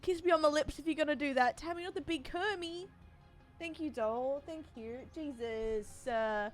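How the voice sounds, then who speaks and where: A woman's voice: high-pitched, moderate pace, soft background music. A woman streamer chatting casually and emotionally, giggling, swearing freely and thanking her donors. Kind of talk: casual live-stream chat.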